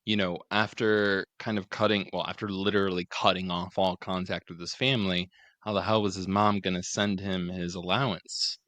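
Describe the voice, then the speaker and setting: Man co-hosting a true-crime podcast, animated, swears a lot, bright voice, dry close sound. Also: low voice, moderate pace, no room sound. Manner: animated, profane storyteller. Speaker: podcast co-host. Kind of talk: casual true-crime chat.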